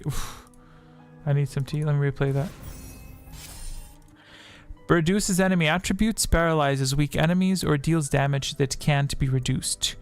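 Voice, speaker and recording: Man, streamer quiz host, a little high-pitched, rambling and self-correcting, faint music behind. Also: smooth. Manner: rambling, self-correcting, reads chat answers aloud. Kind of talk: casual livestream quiz chat. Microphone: desk microphone.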